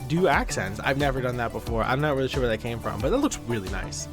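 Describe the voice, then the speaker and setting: A man's voice: mid-range voice, expressive, fast. A man giving casual, rambling commentary while playing a building game, often correcting himself and getting sidetracked. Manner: rambling, self-correcting, easily distracted. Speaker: gaming YouTuber. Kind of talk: casual let's-play commentary. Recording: background music.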